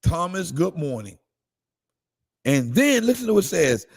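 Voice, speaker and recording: A man preaching a morning devotional livestream, shifting between calm scripture reading and excited exclamations. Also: fairly high pitch, measured pace. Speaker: pastor.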